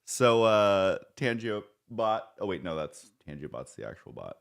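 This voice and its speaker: A man's voice: lowish voice, very animated, measured pace, gravelly, clear, resonant tone. A man streaming live, chatting casually and rambling, joking at his own expense and swearing now and then.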